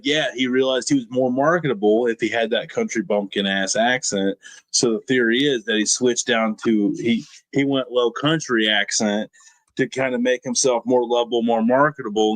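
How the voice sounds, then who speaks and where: A man's voice: mid-range voice, fairly bright tone, dry recording. A man co-hosting a casual podcast, teasing his co-hosts and talking over them in playful banter. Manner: teasing, joking, talks over others. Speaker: podcast co-host.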